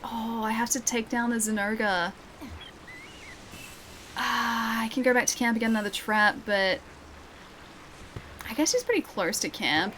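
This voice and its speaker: A woman's voice: on the high side, unhurried, long pauses, fairly bright tone, a little hiss or hum, low-quality recording. A woman with an Australian accent chatting casually as she plays a game on stream, coaxing and teasing the monsters. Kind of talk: casual gameplay commentary. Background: game music.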